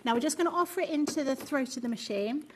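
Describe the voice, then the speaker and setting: A woman with a brightish, fairly high voice demonstrates crafting live. She chats along and explains each step plainly. Faint noise and small clicks sit behind her. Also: quick pace.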